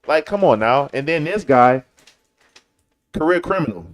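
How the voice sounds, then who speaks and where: Man, from Chicago, casual commentary host, slangy, repeats for emphasis, lively voice. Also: fairly high pitch, moderate pace. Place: lives in Texas.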